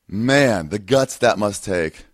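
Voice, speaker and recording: A man hosting his podcast, rambling through a casual intro with many ums and uhs. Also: lowish voice. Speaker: podcast host.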